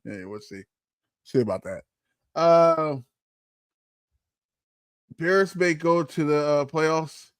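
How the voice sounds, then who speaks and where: Man, slow-paced, laid-back livestream host, halting with fillers, dry close sound. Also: on the high side, smooth, dry recording. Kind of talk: casual sports watch-along commentary.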